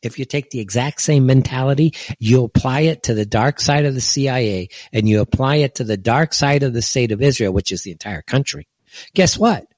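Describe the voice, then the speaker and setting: A man hosting an online opinion show, talking in a heated, scornful way, with his voice jumping high when he is indignant. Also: brisk, a little mellow, dry recording. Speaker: political commentary host. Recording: dull lo-fi dry recording.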